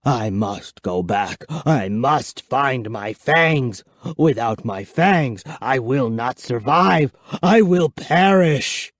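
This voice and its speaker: A man voicing a desperate old male vampire count who speaks slowly in a hoarse, rasping voice. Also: medium pitch, animated, no echo. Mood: desperate menace. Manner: slow, pleading, menacing.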